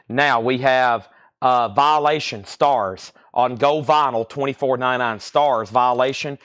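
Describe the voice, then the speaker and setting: A man's voice: medium pitch, fairly bright tone. Chatty man hosting a record sale stream. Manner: rambling, chatty, reads out prices and titles. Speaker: live sale host. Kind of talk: casual live-stream selling chat.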